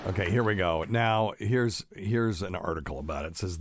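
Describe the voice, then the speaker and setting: A man's voice: sits low, normal speed, hardly any pauses, no echo, clean studio sound. A man talking casually to his audience, reading news and digressing with many fillers.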